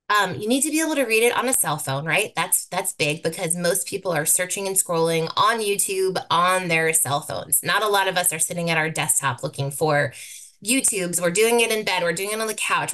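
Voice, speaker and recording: A woman giving a live online presentation with slides, brisk and upbeat, repeating key words for emphasis. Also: mid-range voice, a bit bright. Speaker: guest presenter teaching thumbnail design.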